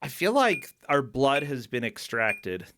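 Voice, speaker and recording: A man co-hosting a streamed variety show in casual chat, chatty and breaking into loud excited outbursts. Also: mid-range voice, measured pace, a little hiss or hum.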